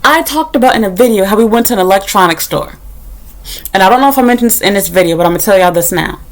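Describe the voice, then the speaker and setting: A young woman vlogger ranting bluntly and sarcastically to her own camera, swearing freely as she tells a story. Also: medium pitch. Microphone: camera mic.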